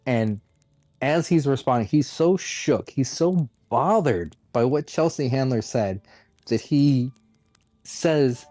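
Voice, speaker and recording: A man ranting on a comedy podcast, mocking and animated, breaking into laughs as he goes. His voice sits at an ordinary pitch. The sound is close and dry, with no room around it. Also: slow pace, no echo, faint music behind. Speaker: podcast host. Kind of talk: casual comedy podcast rant.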